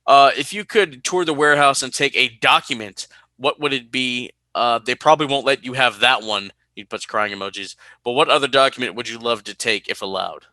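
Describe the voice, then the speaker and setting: A man from California co-hosting a casual podcast, animated and quick to laugh as he reads listener mail. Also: medium pitch, no room sound. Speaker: podcast co-host.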